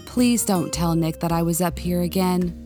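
A woman voicing a flustered, snappy young woman sleuth who talks back quickly and defensively. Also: on the low side, over music, close to an everyday voice.

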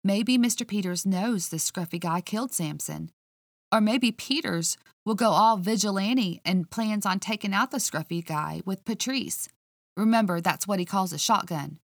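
A woman's voice: medium pitch, moderate pace, no echo, clean studio sound. A woman hosting a podcast, narrating a mystery story in the first person with a chatty, folksy manner.

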